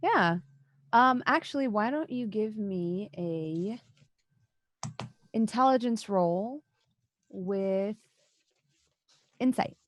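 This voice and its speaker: A woman's voice: medium pitch, expressive, drawn-out words, pauses often. A woman game master narrating a tabletop role-playing game in a casual, descriptive way, with plenty of fillers. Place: home, online session.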